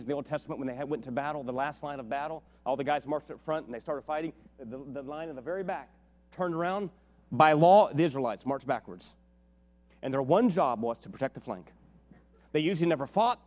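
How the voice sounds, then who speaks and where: A middle-aged pastor from West Virginia preaches a sermon in a mid-range voice at a quick pace. He tells stories and builds to animated, shouted peaks.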